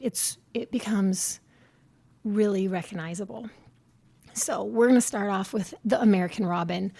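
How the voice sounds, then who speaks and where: A woman's voice: mid-range voice, a little mellow. Woman podcast host, bird expert, informal teaching tone, chatty with a few fillers. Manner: chatty, explains plainly with some fillers. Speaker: podcast host and avian ecologist.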